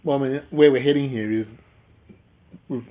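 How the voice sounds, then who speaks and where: A man's voice: mid-range voice, fairly even intonation, normal speed. Man steering with prompting questions. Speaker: co-host. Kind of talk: casual chat. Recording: phone-like narrow sound.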